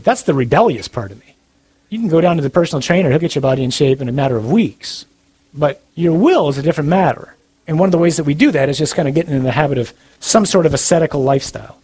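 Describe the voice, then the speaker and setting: A man preaches with a slightly husky voice pitched a little high. He speaks in an earnest and direct way, yet it stays conversational and plainspoken. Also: darkish tone. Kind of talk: sermon-style talk.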